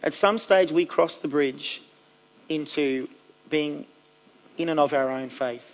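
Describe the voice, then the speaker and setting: A man's voice: a little high, slow pace, poor audio. A man preaching a sermon from a church stage as youth pastor, earnest and emphatic, with fillers between his points.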